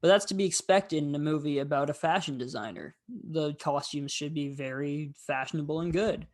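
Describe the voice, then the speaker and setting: Man hosting a film review show, somewhat high voice, casual, rambling and candid. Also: normal speed, a little mellow. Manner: rambling, candid, with frequent fillers.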